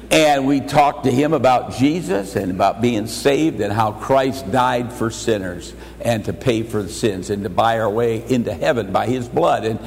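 An older man preaching an anniversary sermon, emphatic, slowing and rising for key lines. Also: mid-range voice, vocal fry, long reverb tail, rough recording. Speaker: pastor.

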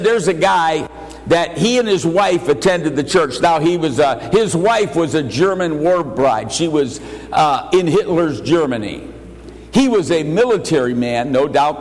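An older man preaches a sermon with emphatic, drawn-out lines that rise in pitch for the key points. His voice sits a little high for a man. A long hall reverb trails every phrase. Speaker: pastor.

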